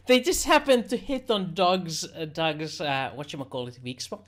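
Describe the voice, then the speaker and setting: A tabletop game master narrating the scene. He pauses and restarts his phrases. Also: medium pitch, big pitch swings, a bit bright.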